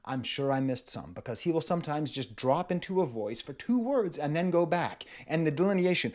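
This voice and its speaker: Male music reviewer, 40s, lively and slightly high, playful, imitates voices. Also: fairly quick. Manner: playful, demonstrates vocal styles, laughs often. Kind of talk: casual music analysis.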